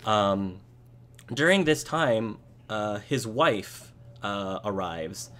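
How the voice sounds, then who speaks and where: A man narrating as game master of a tabletop game, with many pauses and fillers. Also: fairly low pitch, lively intonation, fairly bright tone. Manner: unhurried, filler-heavy narration.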